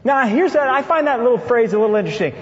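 A male preacher with a fairly high voice that swings widely in pitch as he delivers a lively sermon with playful asides. The sound is dull and carries a long reverb, as if from a big hall. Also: very fast.

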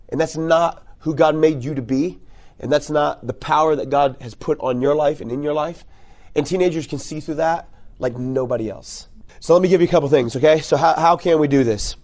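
Animated guy talking to youth leaders at a conference, voice on the higher side, jokey, lots of "right?". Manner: animated, conversational, keeps asking "right?"; jokey, repeats key words for emphasis. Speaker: youth ministry conference speaker. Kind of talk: conference talk to youth workers.

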